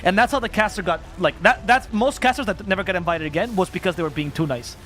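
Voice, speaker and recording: A man, an esports caster, chatting on a panel and telling stories in a fast, animated way. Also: high-pitched, slight background noise. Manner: fast, animated storytelling, swears and laughs often. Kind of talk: casual panel chat.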